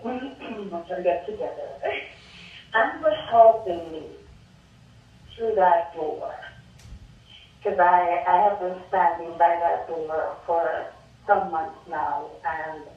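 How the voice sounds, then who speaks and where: A woman calls in to a radio show and gives earnest, heartfelt thanks. Her voice comes through dull and from far off, with a strong echo around it. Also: lowish voice. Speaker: caller. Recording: dull, echoey and distant.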